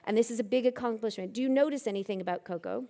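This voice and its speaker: A woman's voice: a little high, very fast, mellow. A woman giving a conference talk, telling anecdotes with self-deprecating humor. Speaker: keynote speaker. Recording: long reverb of a hall.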